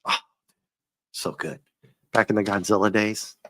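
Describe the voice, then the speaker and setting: Low-voiced man hosting a comic chat. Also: a little slow, slight background noise. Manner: animated, joking, drops into silly impressions. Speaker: comic review host. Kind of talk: casual chat.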